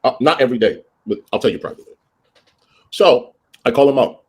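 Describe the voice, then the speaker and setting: A man's voice: brisk, pauses often, slightly rough. A man telling a story casually on a livestream, ranting and acting out both sides of an argument. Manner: animated, rants and acts out both sides of arguments; greets viewers in a high sing-song voice. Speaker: livestream host.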